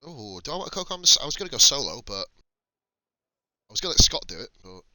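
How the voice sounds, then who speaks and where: Calling a sim race live, this thirtysomething from the North of England keeps things loose and chatty in his Northern accent, laughing and cursing frequently. He talks fast in a sing-song, bright, forceful medium-pitched voice, and the rough recording has no room sound.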